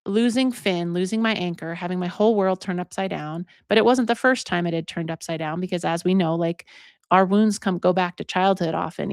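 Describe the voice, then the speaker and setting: A woman's voice: on the low side, gravelly, no room sound, studio quality. A woman in her forties talking through her own healing in a reflective, conversational monologue, leaning on "like" a lot as she thinks aloud. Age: 40s. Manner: conversational, heavy use of "like", earnest. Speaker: podcast host.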